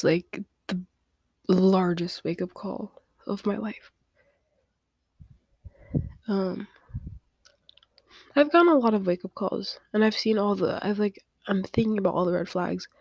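A young woman hosts a solo podcast and talks slowly through tears, her voice of middling pitch. She keeps restarting her sentences and slips into near-whispers. The sound is close and dry. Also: a little mellow, no room sound. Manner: tearful, halting, many fillers, often drops to a whisper. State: crying. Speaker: podcast host. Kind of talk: personal confessional monologue.

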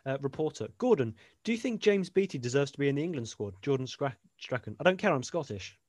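A man's voice: medium pitch, sing-song, fast, darkish tone, no echo. A young man co-hosting a casual podcast, reading funny sporting quotes aloud and laughing often. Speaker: podcast co-host.

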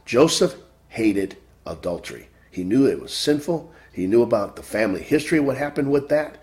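Emphatic preacher man, lively pitch. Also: moderate pace. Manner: emphatic, repeats phrases, swings between loud stresses and quiet drops. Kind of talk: sermon.

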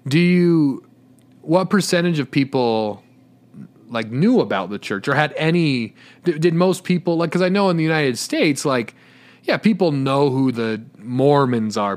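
A man co-hosting a podcast, asking friendly, curious questions in a relaxed chat. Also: medium pitch, normal speed. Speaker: podcast co-host. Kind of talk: casual interview chat.

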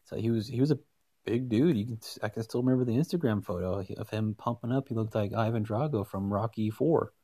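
A man hosting a solo sports podcast, talking in a rambling, excitable way with many restarts. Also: fairly low pitch, brisk, husky, no room sound, studio quality. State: hiccups. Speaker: podcast host.

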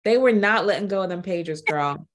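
A woman hosting a podcast, chatty and reactive in a casual conversation. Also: on the low side. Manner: chatty and reactive, quick asides and laughter. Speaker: podcast host.

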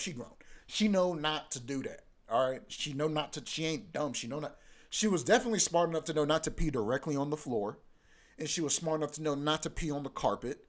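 A young man hosting a podcast in a casual, profane, ranting monologue that keeps coming back to "bro.". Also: medium pitch. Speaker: podcast host.

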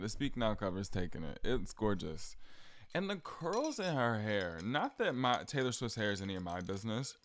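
A man's voice: lowish voice, no room sound. A young man with a Southern accent, chatting casually on his solo podcast with frequent ums and likes. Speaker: podcast host.

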